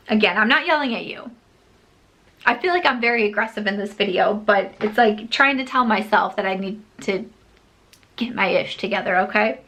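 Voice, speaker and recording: A woman's voice: mid-range voice, normal speed, bright, forceful tone. A woman beauty vlogger chatting casually to camera, emphatic and scolding herself with mock exasperation. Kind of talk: casual vlog chat.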